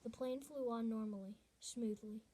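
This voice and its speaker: A woman's voice: a little high, fairly even intonation, moderate pace, mellow. A woman reading a novel aloud in an earnest way, often restarting and correcting herself mid-sentence. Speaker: reader.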